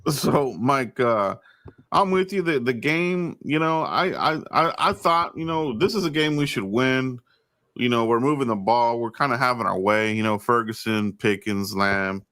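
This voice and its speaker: A man's voice: mid-range voice, a bit bright, no room sound, clean studio sound. A man hosting a casual sports podcast, loose and chatty, laughing often and restarting his sentences. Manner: loose, laughing, stammering restarts, hype asides. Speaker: podcast host.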